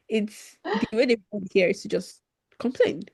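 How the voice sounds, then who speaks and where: A woman's voice: a little high, sing-song, slow, gravelly, a little mellow, slightly rough. A young woman from Nigeria, a podcast guest chatting casually and laughing often as she acts out little quotes. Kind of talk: casual conversation.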